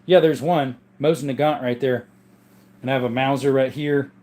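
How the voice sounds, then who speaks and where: A man's voice: mid-range voice, fairly even intonation, moderate pace, a little mellow. A man hosting a casual live chat, reading viewer comments aloud and answering in a laid-back, rambling way, his voice strained and worn. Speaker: livestream host and gun collector. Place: home room with a gun collection.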